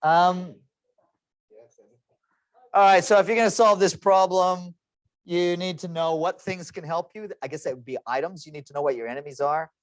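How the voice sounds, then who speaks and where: A man's voice: high-pitched, moderate pace, pauses often, dry recording. A man in his forties teaching an online class with chatty, joking, self-deprecating asides. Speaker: lecturer. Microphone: computer microphone.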